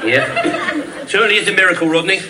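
An actor playing a cheerful, scheming market trader, in a sitcom clip with background noise. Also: male voice, high voice, big pitch swings, a little fast, a crowd in the background.

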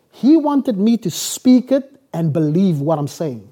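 A man from South Africa preaching with a lively, swooping delivery. His voice is mellow and soft-edged, and he acts out conversations with quick laughs as he tells his story. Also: very high-pitched. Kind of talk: sermon storytelling.

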